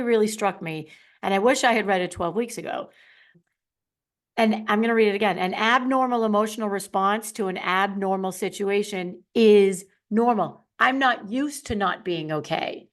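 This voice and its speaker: A woman, a confidence coach, hosting her own podcast and talking candidly to listeners, animated and self-correcting. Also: medium pitch. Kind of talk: solo podcast talk.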